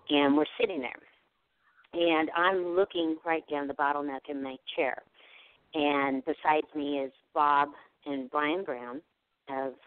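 A woman guest on a radio show, telling a story in a casual, animated way and acting out what people said. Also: sits low. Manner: animated, acts out quoted dialogue. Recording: tinny phone line, dry.

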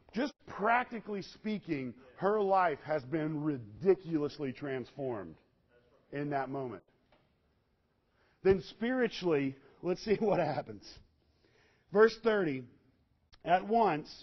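A man preaches a sermon, telling the story with animation, swinging between sudden loud bursts and hushed, low passages. The recording sounds dull and lo-fi.

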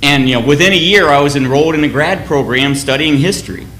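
A man's voice: fairly high pitch, quick pace, bright, forceful tone, roomy sound. A man giving a sermon in a conversational, anecdotal way, often restarting his phrases. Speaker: church speaker.

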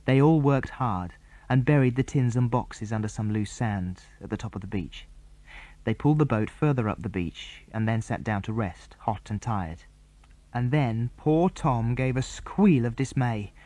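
Mellow male storybook narrator. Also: mid-range voice, normal speed, no echo. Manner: clear, even storytelling. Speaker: audiobook narrator.

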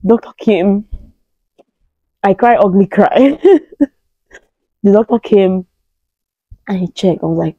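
A Nigerian woman in her thirties with a Nigerian English accent, telling an emotional personal story in an animated way. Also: slow pace, pauses often, breathy edge, no echo, highs cut off. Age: 30s. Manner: animated, acts out quoted pleas in a higher voice. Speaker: vlogger.

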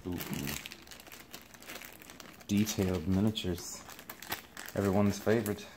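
A man's voice: on the low side, flat delivery, slow pace, background noise. A young man chatting casually with his partner in a home vlog, dry and joking. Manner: dry, joking, playfully puts on accents. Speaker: vlogger's partner. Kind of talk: casual conversation.

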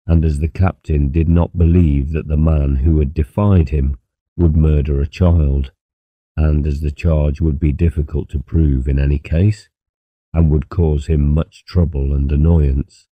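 A man narrating a novel as an audiobook in a steady, measured reading. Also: a bass voice, no echo, lo-fi sound. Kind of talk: scripted narration.

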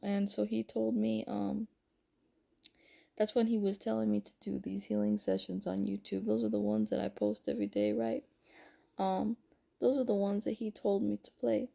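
Woman, very gravelly voice, mellow tone, rambling heartfelt vlog testimony. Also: medium pitch, little pitch movement, moderate pace. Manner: emotional, rambling, addresses viewers as folks and honey. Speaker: spiritual content creator.

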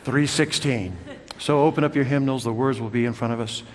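A man's voice: mid-range voice, steady tone, fairly quick. Man preaching a dramatic sermon. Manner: dramatic swings from loud calls to hushed whispers. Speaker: pastor. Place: church sanctuary. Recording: long church hall reverb.

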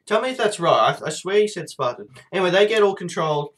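A man's voice: high voice, expressive, fast, a bit bright. A man with a sore throat and a blocked nose, reviewing TV episodes in a casual, rambling way, full of fillers and swearing.

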